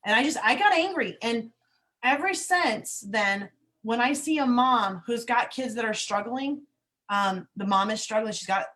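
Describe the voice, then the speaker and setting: A woman's voice: on the high side, measured pace, fairly bright tone. A woman hosting an interview and telling a candid, emotional story from her own life as a single mother. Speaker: host. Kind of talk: casual interview conversation.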